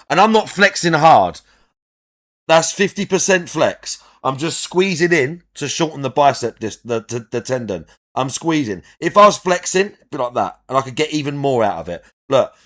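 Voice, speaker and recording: A man's voice: mid-range voice, expressive, normal speed, a bit bright. Man critiquing and explaining at length. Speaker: reaction host. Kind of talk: reaction commentary.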